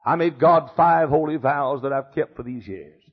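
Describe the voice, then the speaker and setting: An older pastor preaching with fierce emphasis, hammering his points with repetition and dropping from shouts to near-hush. His voice is fairly high and husky. The recording sounds dull and muffled. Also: moderate pace. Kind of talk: fiery sermon.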